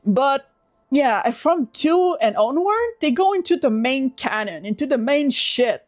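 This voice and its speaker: A young woman hosting a livestream, chatting casually in animated, swearing rants full of restarts. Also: sits high, a little slow. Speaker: livestream host.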